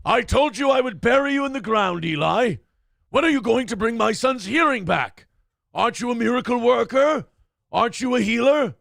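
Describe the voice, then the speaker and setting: A man voicing a furious, menacing middle-aged oilman who shouts threats and accusations. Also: very high-pitched, expressive, moderate pace, creaky, no echo, voice pushed up, exaggerated voice.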